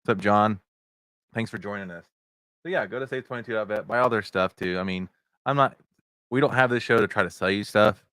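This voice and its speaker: A man's voice: lowish voice, brisk, pushed and bright, smooth, dry recording. A middle-aged man hosting a casual livestream podcast over video chat, rambling with many fillers and greeting viewers in the chat. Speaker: podcast host. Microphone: video chat setup.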